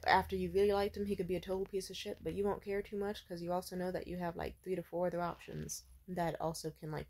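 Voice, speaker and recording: Low-pitched young woman rambling casually. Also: vocal fry, a little mellow. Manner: rambling, profane, heavy on filler words. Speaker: vlogger. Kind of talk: casual monologue.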